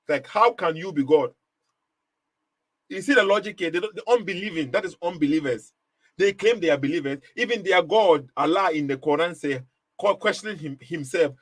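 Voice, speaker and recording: A man's voice: a little high, dry recording. A man hosting a live commentary stream, pressing his point with repeated rhetorical questions and short laughs. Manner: rhetorical questions, emphatic and repetitive. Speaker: livestream host.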